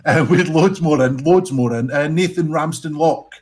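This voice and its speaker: A man's voice: on the high side, normal speed, darkish tone. A man co-hosting a pun show, reading out listener jokes with playful asides. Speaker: co-host reading listener puns. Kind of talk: casual banter.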